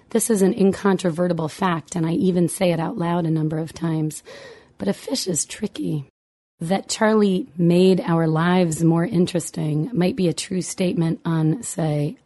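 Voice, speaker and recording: A woman's voice: fairly low pitch, warm tone. A middle-aged woman, a mother, reading her memoir aloud with dry, wry humor.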